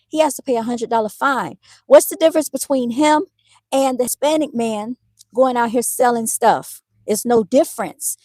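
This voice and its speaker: A woman's voice: a little high, darkish tone, dry recording. A middle-aged woman, ranting in a casual live stream and talking straight to her viewers. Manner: talks straight to viewers, says y'all. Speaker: vlogger.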